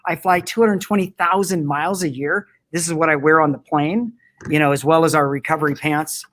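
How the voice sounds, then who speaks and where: A man's voice: on the high side, steady tone, brisk, fairly bright tone, poor audio. A man being interviewed about his company, talking enthusiastically, laughing often and restarting his sentences. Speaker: guest, company founder. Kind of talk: casual interview. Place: indoor room with air conditioning.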